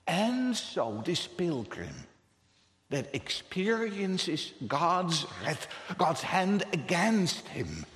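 A man preaching a sermon with impassioned delivery, rising to calls and dropping to near whispers. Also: mid-range voice. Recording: echoey hall, long reverb.

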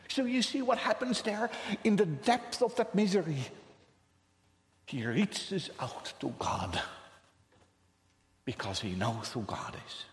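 A man's voice: a little high, big pitch swings, slow pace, long pauses. A man preaching a sermon with impassioned delivery, rising to calls and dropping to near whispers. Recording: echoey hall, long reverb.

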